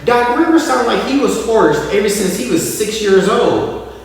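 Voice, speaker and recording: Animated man talking sports in an echoey room. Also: sits high, moderate pace, far from the mic. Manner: animated, mocking impressions of players and coaches. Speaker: podcast host. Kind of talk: casual sports commentary.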